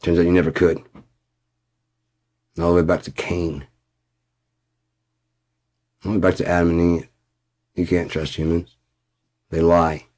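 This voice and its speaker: A man's voice: low voice, little pitch movement, a little slow, long pauses, a little mellow. A man in a blunt, profane ranting monologue for his vlog. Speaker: vlogger.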